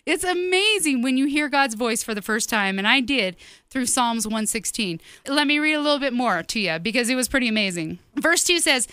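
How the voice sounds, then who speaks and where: Woman host, high clear voice, earnest testimony preaching, dry close sound. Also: lively intonation, normal speed, sharp tone, no echo. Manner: earnest, emphatic, direct address to listeners. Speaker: ministry host. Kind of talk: personal testimony sermon.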